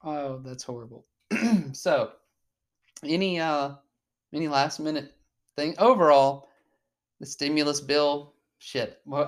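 Podcast host, mid-pitched voice; loose, profane, frequently laughing chat. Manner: chatty, swears, laughs often. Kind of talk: casual chat.

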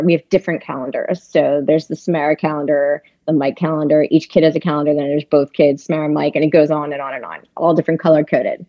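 A woman's voice: low-pitched, no echo. A woman guest on a talk show, chatty and emotional, laughing easily as she answers. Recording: dull, lo-fi sound.

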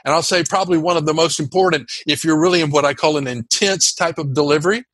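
A man being interviewed as a communication coach, talking with high energy and setting out his points as emphatic lists. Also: fast, fairly bright tone, no room sound. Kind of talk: animated interview talk.

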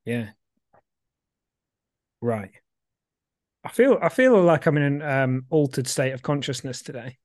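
A man's voice: mid-range voice, very animated, unhurried, long pauses, darkish tone, no room sound, studio quality. A man co-hosting a casual podcast chat, giggly and self-mocking. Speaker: podcast co-host.

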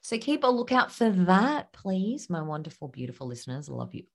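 Lively low-voiced woman podcaster. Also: a little fast, vocal fry. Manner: warm encouraging, laughs often, drops to a near-whisper. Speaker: podcast host and business coach. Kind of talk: solo podcast talk.

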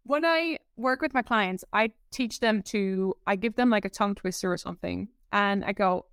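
A woman presentation coach being interviewed over a video call, talking in an animated, emphatic way and acting out the people she quotes. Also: mid-range voice, moderate pace, hardly any pauses, clear, resonant tone, no echo, studio quality. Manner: expressive, emphatic, acts out quotes. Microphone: video call setup.

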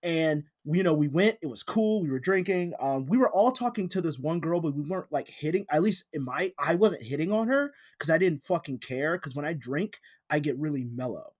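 A man's voice: on the high side, animated, brisk, few pauses. A man co-hosting a podcast, telling a long rambling story in casual chat, swearing freely. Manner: rambling storyteller, swears a lot, acts out quotes loudly. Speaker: podcast co-host.

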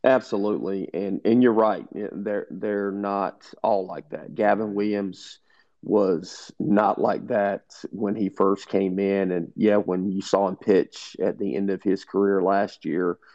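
A man's voice: fairly low pitch, unhurried. A middle-aged man, a head baseball coach, telling stories in an interview and acting out the quoted dialogue. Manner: animated storyteller who acts out quoted dialogue. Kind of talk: interview storytelling. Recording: dull lo-fi sound.

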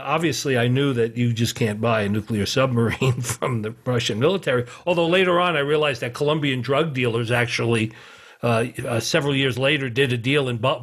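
A middle-aged man, a guest on a podcast, tells his stories in a loose, rambling way. He chuckles often and fills gaps with "uh" and "you know." His voice is husky and sits at a medium pitch. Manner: rambling, many fillers and restarts, chuckles often. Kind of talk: casual anecdotal storytelling.

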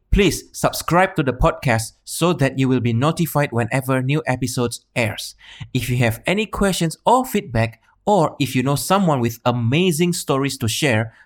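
A male podcast host reading a friendly, upbeat closing message to listeners. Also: medium pitch. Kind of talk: scripted show outro.

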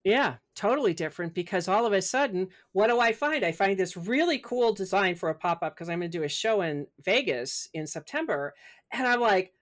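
A middle-aged woman, an author appearing as a podcast guest, speaks in a mid-range voice that's animated and a little fast, with few pauses. She chats casually about spirit and personal growth in the manner of a relaxed spiritual interview, even acting out her own inner voice.

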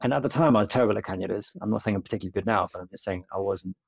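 A man's voice: vocal fry, no echo. A young man, a junior doctor, telling a story in casual, self-deprecating, rambling podcast chat. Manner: rambling, self-deprecating, quick and low-key.

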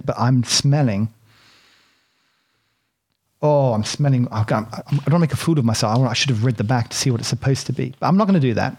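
Gravelly man chatting through a tasting. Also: medium pitch, darkish tone. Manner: chatty, rambling and self-deprecating. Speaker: host tasting chocolate. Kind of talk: casual tasting chat.

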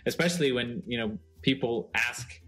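A man co-hosting a casual podcast chat, relaxed and rambling with lots of fillers. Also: mid-range voice, moderate pace, slightly rough, faint music behind. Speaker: co-host.

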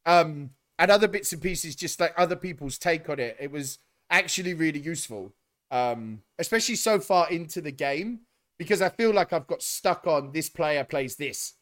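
A man's voice: on the high side, lively intonation, moderate pace, fairly bright tone. A man in casual chat, rambling with fillers and casual swearing.

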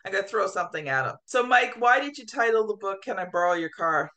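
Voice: mid-range voice, lively intonation, quick pace, bright, forceful tone. An interviewer asking casual, playful questions. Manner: playful, informal.

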